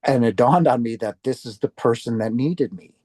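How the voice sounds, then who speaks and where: An older Wisconsin man, interviewed as a guest, tells his own story earnestly and from the heart, acting out quoted speech. His warm, mellow, mid-range voice moves at a moderate pace and sounds close and dry, with no room sound.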